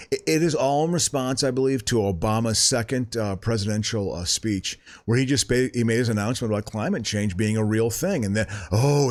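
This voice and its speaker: A man co-hosting a casual podcast, talking in long rambling stretches with plenty of stops and restarts. His voice sits at an everyday middle pitch, and he swears freely as he gets worked up. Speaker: podcast co-host.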